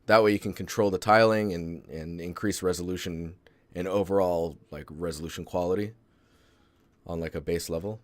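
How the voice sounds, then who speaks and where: Deep-voiced man giving casual art critique. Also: normal speed, no echo. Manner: relaxed, rambling, many fillers and restarts. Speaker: host reviewing art portfolios. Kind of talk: casual live-stream critique.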